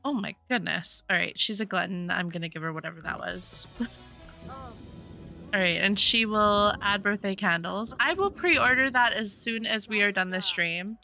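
Bright-voiced woman streamer gushing. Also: mid-range voice, normal speed, gravelly, faint music behind. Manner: gushing, effusive thanks to chat. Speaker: streamer playing a life-sim game. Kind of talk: casual gameplay commentary. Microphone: desktop USB microphone.

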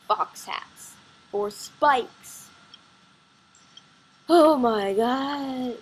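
A woman chatting excitedly and rambling with lots of fillers while playing a computer game at home, recorded on her computer microphone. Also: high voice, slight background noise, rough recording. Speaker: gaming vlogger.

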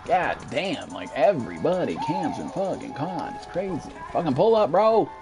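A man's voice: fairly high pitch, normal speed, music in the background. A young American man streaming a shooter game, cursing constantly, ranting and reading out viewers' chat messages. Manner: profane, excitable, reads chat aloud. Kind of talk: live gameplay commentary.

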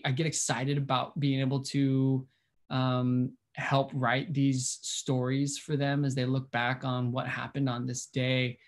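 An upbeat man talking about his photography work over a video call. He speaks casually and with enthusiasm, thinks out loud as he goes, and lets small chuckles slip in. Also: medium pitch. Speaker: wedding and portrait photographer, guest. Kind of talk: casual interview answers.

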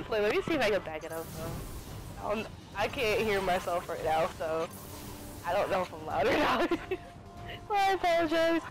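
A young woman giving excited gameplay commentary, often exclaiming and laughing as she plays. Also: medium pitch, normal speed, poor audio. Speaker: gaming video creator.

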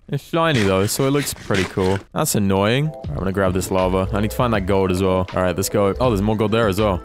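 A man's voice: low-pitched, brisk, few pauses, music in the background. Sarcastic young man gaming. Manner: self-deprecating, sarcastic, excitable outbursts. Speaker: gaming YouTuber. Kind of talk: casual gameplay commentary.

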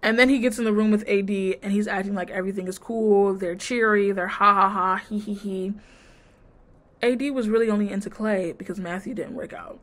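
A woman's voice: mid-range voice, fast talker, few pauses. Sassy woman recapping a reality show. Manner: sassy, blunt, mimics cast members' lines. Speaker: TV review vlogger.

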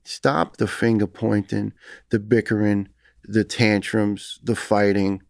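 A man's voice: fairly low pitch, little pitch movement, slow pace, creaky, a little mellow, dry recording, studio quality. A man in his fifties with a New York accent, talking earnestly and emphatically as a guest on a podcast interview. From United States. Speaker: retired firefighter guest.

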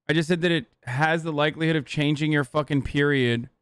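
High, crisp-voiced profane streamer man. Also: fairly even intonation, fairly bright tone, no echo. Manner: profane, sarcastic, rapid-fire. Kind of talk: casual stream reaction.

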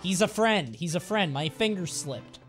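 A man's voice: high-pitched, lively intonation, normal speed, music in the background. A man streaming a game live, talking in a playful, sweary, jokey way. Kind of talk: live gameplay commentary.

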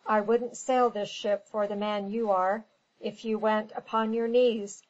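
A woman's voice: mid-range voice, steady tone, measured pace, lo-fi sound, close to an everyday voice. A woman reading a storybook, voicing a lazy, touchy ship's captain who grumbles indignantly.

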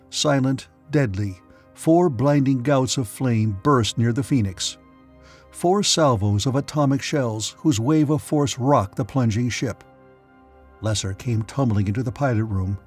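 Husky male audiobook narrator. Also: mid-range voice, a little mellow. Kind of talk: scripted narration.

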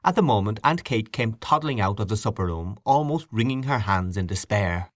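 Low-voiced male audiobook narrator. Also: animated, moderate pace, a bit bright, no room sound, studio quality. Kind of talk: scripted narration.

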